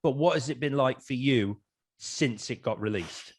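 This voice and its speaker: A man's voice: mid-range voice, normal speed, slightly rough. A man hosting an interview in casual chat, eager and chatty with hesitant phrasing. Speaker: interview host.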